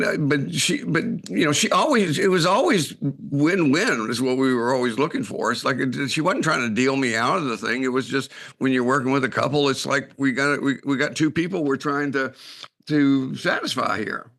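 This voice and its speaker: A man co-hosting a recovery talk show, telling anecdotes in a halting, restarting way. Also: medium pitch, a bit bright. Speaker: podcast co-host.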